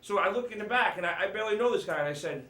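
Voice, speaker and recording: A man's voice: high-pitched, lively intonation, racing, sharp tone, reverberant. A man telling stories on a talk show, rambling and stammering with jokes. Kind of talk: casual chat, storytelling.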